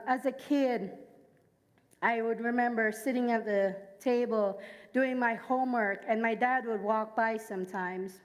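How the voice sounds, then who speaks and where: A woman's voice: fairly high pitch, big-room sound. A woman from Jamaica with a Jamaican accent, giving a sermon at a church service. She shares personal stories and has the congregation repeat lines after her. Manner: engages the congregation, asks them to repeat lines; personal storytelling.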